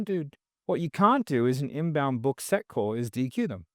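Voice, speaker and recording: A man's voice: fairly high pitch, expressive, moderate pace, no echo, studio quality. Blunt, rambling man on a podcast. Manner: rambling, blunt and profane, heavy use of "like". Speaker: sales trainer guest. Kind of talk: casual podcast conversation.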